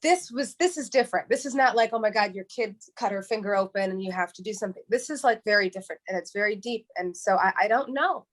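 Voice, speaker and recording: New york woman guest, stops and restarts a lot, heartfelt, mid-range voice. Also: medium pitch. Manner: halting, repeats words and restarts often; heartfelt and earnest. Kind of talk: emotional interview, candid storytelling.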